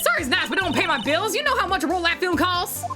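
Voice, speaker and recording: A woman voicing a brash, quick-tempered southern woman photographer with a put-on Southern drawl and a loud, scolding manner. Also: very high-pitched, sing-song, pitched above the performer's own voice. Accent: put-on American Southern drawl. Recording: loud game music behind.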